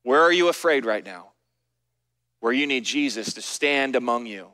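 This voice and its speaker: A middle-aged man preaching a sermon as a pastor, telling his story earnestly and dropping to soft, hushed words at tender points. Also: medium pitch, lively intonation, moderate pace. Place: church sanctuary. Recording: long reverb of a church hall.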